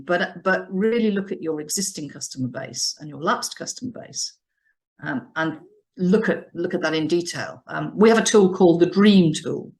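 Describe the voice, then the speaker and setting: A woman business advisor explaining customer strategy in an animated, emphatic way, often restarting her phrases. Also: lowish voice. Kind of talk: business advice discussion.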